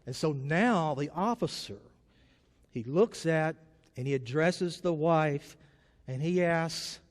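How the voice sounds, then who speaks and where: High-voiced pastor preaching in a chapel. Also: male voice, animated, slow pace, in a large hall. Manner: storytelling, conversational. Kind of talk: sermon.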